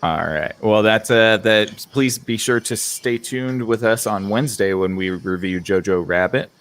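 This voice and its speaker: Low-voiced man hosting a podcast. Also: a little slow. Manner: relaxed, rambling with many fillers. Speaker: podcast host. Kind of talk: casual podcast wrap-up.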